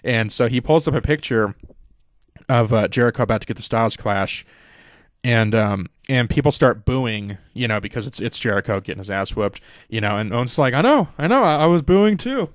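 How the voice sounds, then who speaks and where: A man's voice: fairly quick, dry recording, studio quality. A young man hosting a podcast, recapping wrestling in a loose, rambling way with lots of swearing and fillers. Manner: rambling, profane, acts out quotes in a higher voice. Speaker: podcast host.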